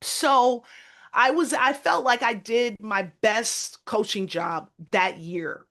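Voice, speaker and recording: A woman's voice: on the high side, slow pace, a bit bright. A woman basketball coach being interviewed, telling her story emphatically and often quoting her own past words.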